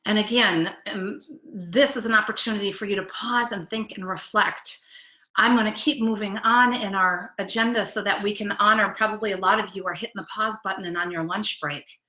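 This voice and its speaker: A woman's voice: medium pitch, fairly even intonation, brisk, bright, forceful tone, echoey room. A middle-aged woman, a life coach giving a motivational webinar talk, earnest and direct, putting questions to her audience.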